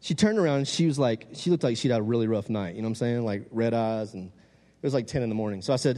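A young man preaching a sermon. He moves from loud exhortation to quiet, casual storytelling. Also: mid-range voice, fast talker. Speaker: youth preacher. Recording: long hall reverb.

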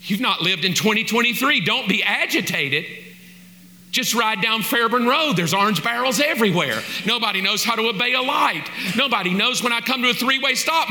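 A man's voice: extremely high pitch, animated, a little fast, sharp tone. A man preaching a sermon in a conversational, joking way, with asides of mock exasperation. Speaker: pastor.

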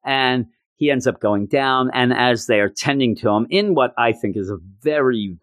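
A man's voice: medium pitch, normal speed, dry recording. Joking man recapping a story, dry sound. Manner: animated, joking, self-mocking. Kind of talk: casual recap.

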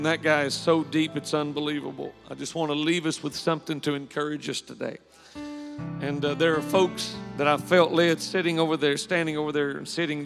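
A pastor preaches in a church, his voice a little high and rough with gravel. He tells his stories with feeling and climbs into fervent praise. Soft music sits beneath him as his words ring out through a long, echoing hall. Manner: storytelling, emotional, rising to fervent praise. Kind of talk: sermon. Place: church sanctuary.

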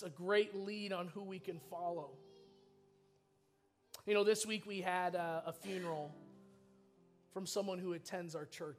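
A male pastor preaching a sermon in a church, telling a personal story with feeling. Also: high voice. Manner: storytelling, emotional, animated. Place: church sanctuary.

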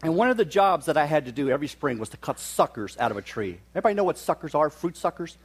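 A middle-aged preacher with a high, light voice. He delivers his sermon in a folksy, joking storytelling way. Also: very animated, fast, breathy edge. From West Virginia.

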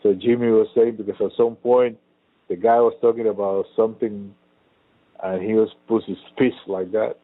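A man telling rambling, profane stories in a casual chat. His voice is on the low side and husky. It comes through a thin, phone-like line. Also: little pitch movement, moderate pace, no echo.

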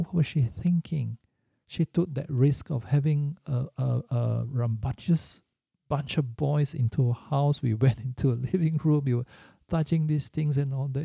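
A man's voice: medium pitch, gravelly, warm tone, no room sound, clean studio sound. A middle-aged man giving an earnest, reflective storytelling talk, repeating points for emphasis. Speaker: speaker.

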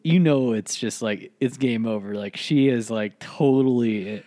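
A man's voice: medium pitch, a little slow, mellow. A young man co-hosting a casual film podcast, laid-back, swearing and trailing off mid-thought. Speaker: podcast co-host.

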